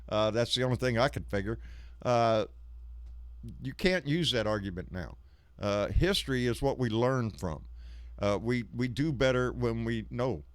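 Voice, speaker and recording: A man's voice: medium pitch, clear, resonant tone, dry recording. Folksy man hosting a live stream. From Texas. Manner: rambling, folksy, swears freely. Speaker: live show host. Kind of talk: casual live-stream chat.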